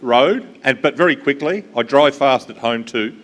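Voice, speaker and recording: A man's voice: mid-range voice, moderate pace. A man giving a conference keynote, friendly and engaging the audience, with frequent fillers. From Australia. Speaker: invited speaker. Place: large conference hall. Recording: long hall reverb.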